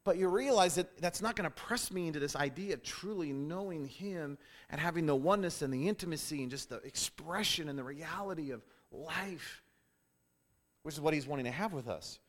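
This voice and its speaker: A man's voice: on the high side, expressive, fairly quick. A man teaching a sermon-style Bible lesson, emphatic and repetitive, often restarting phrases.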